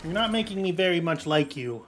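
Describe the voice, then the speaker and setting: A man's voice: a little high, brisk. A young man streaming a video game, giving casual, sweary commentary and joking with the characters on screen. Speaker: gameplay streamer. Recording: steady background noise.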